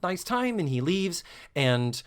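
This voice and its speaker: A man hosting a podcast, recapping a sitcom episode in casual, animated and profane chat. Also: slow pace, clean tone. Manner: animated, profane, breaks into squeaky mock voices. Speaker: podcast host.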